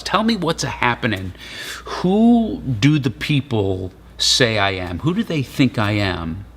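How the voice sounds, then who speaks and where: A male pastor giving a sermon, retelling scripture in relaxed, casual storytelling. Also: mid-range voice.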